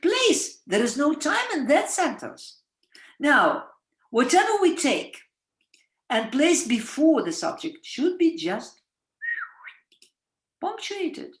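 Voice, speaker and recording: Woman teaching online, unhurried and sing-song, quizzing students, roomy echo. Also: sits high. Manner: animated, quizzing students with questions. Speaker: English writing teacher. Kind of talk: webinar lecture with students. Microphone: video call.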